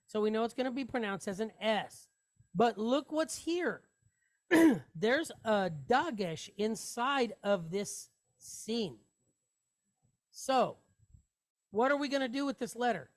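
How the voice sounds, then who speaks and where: A woman's voice: on the high side, lively intonation, takes it slowly, long pauses. A woman teaching a Hebrew reading lesson, patiently sounding out each syllable and repeating words aloud.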